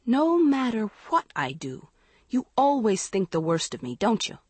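A woman's voice: mid-range voice, very animated, unhurried, slightly rough, dry recording. A woman voicing an angry, accusing teenage girl swimmer who snaps bitterly, in a storybook reading.

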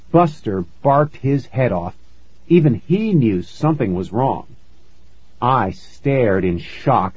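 A man narrating a first-person story in a measured storytelling manner, on a dull, lo-fi recording. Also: medium pitch, expressive, darkish tone, husky, no room sound. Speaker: audiobook narrator.

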